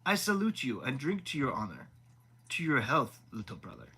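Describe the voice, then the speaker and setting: A man's voice: medium pitch, wildly swooping pitch, moderate pace, bright, forceful tone, husky, exaggerated voice, rough recording. A man voicing a smug, boastful elder prince in a live audiobook reading, talking pompously. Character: smug proud elder prince, male adult.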